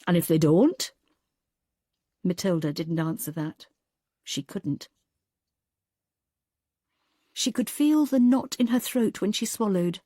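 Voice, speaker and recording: A woman narrating an audiobook in a calm, even storytelling manner. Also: medium pitch, dry recording, studio quality. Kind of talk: scripted narration.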